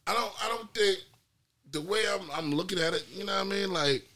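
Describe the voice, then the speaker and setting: A man's voice: high voice, fairly quick, pushed and bright. A man co-hosting a podcast in casual banter, repeating catchphrases and laughing often. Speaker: podcast co-host.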